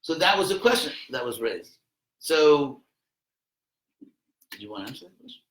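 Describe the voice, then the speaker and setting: A man teaches philosophy to a small group of students in a casual, joking way, lifting his voice to act out quotations. His tone is bright and forceful and sits a little high for a man. The sound carries the echo of a classroom. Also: very animated, moderate pace. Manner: conversational, jokey asides, acts out quotes with a raised voice. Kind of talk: informal philosophy lesson to students.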